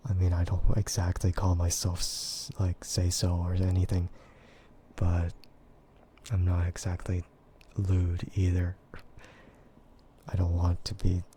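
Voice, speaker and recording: An American man chatting in a soft, gentle ASMR voice, relaxed and hesitant with frequent giggles. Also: low voice, slight background noise. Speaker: VTuber streamer. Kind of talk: soft-spoken ASMR chat.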